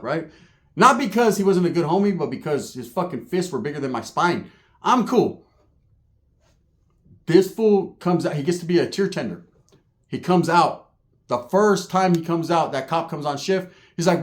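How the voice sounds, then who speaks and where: A man telling a prison story in a casual, profane, jokey way, swinging between loud and hushed. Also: on the high side, lively intonation, brisk. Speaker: storyteller recalling prison time.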